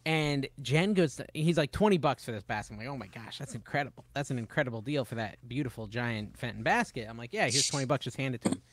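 A man's voice: mid-range voice, expressive, fast, hardly any pauses, no room sound. A man co-hosting a podcast, telling stories in casual chat and acting out other people's lines. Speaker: podcast co-host.

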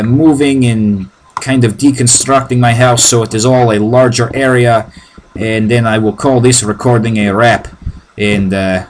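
A man's voice: mid-range voice, a little hiss or hum. A man with a Russian accent giving casual video game commentary, joking as he goes, with broken, hesitant phrasing. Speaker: gameplay commentator.

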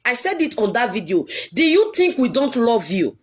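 A woman's voice: on the high side, very animated, normal speed. A woman, a church leader, giving an earnest, pleading video address to her followers and repeating herself often.

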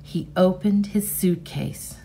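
A teacher reading a novel aloud to her class in a measured, expressive storybook manner. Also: lowish voice, gravelly, slight background noise.

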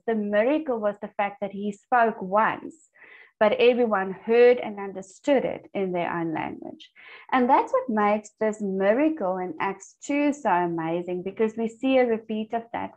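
A woman's voice: on the high side, a little mellow. A woman leading a church discipleship group over a video call, teaching and telling stories earnestly. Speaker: Bible study group leader. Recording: dull lo-fi online call audio.

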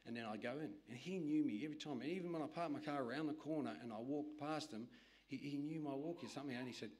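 A man's voice: medium pitch, fast talker, darkish tone, slight background noise. A middle-aged man preaching a sermon, telling rambling personal stories in a conversational way with frequent restarts.

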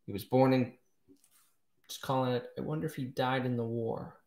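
A man's voice: medium pitch, steady tone, normal speed, darkish tone. A man hosting a live poetry show, chatting casually with wry asides and self-corrections. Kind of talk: casual live-stream reading and chat. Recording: echoey room.

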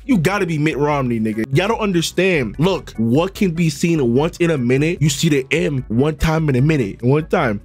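Animated, excitable young man streaming. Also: on the high side, normal speed, few pauses, breathy edge, soft background music. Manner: loud, excitable, profane, bursts into shouts. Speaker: streamer reacting to a riddle video. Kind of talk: casual live reaction.

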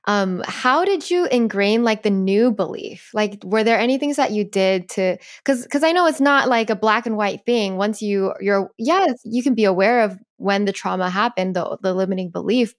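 A woman hosting a podcast interview, asking relaxed, curious questions with casual fillers. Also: mid-range voice. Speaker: podcast host.

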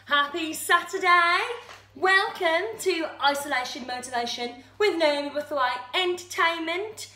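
A woman entertainer chatting brightly to her viewers before a sing-along, bubbly and full of little fillers. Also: very high voice, a little slow. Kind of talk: casual chat to camera. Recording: roomy echo with loud backing music. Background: loud music.

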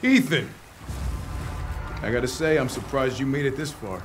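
An actor playing a soldier captain in a video game who gives curt orders and warnings. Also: male voice, medium pitch, normal speed, over loud music, lightly acted. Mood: stern. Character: gruff commanding soldier captain.

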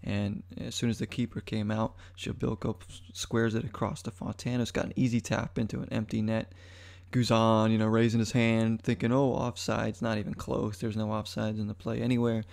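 A young adult man hosting a podcast, giving an excited, rambling match recap full of fillers. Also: on the low side, brisk, gravelly. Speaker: podcast host. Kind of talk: casual sports talk monologue.

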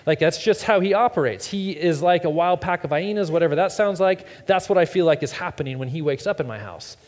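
In a church sanctuary with long hall reverb, a pastor in his thirties tells stories casually during his sermon, stumbling and repeating words in a self-deprecating way. His voice is a little high, expressive, and slightly fast.

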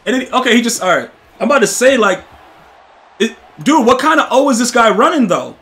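A man streaming a football video game, talking to his chat in excitable, trash-talking commentary that keeps breaking into loud shouts. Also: very high-pitched, brisk. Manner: excitable, trash-talking, repeats "dude" and "bro". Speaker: gaming streamer. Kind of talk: live gameplay commentary to chat.

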